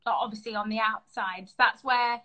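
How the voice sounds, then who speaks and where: A woman's voice: a little high, fairly even intonation, normal speed, pushed and bright. A woman in her twenties hosting a casual live-stream chat on her phone, chatty and enthusiastic. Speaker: host of an Instagram Live chat. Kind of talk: casual video-call chat.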